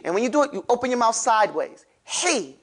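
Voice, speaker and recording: A man's voice: extremely high pitch, animated, racing. A man teaching a classroom lesson on pronouncing letters for Quran recitation, animatedly drilling his class to repeat sounds aloud.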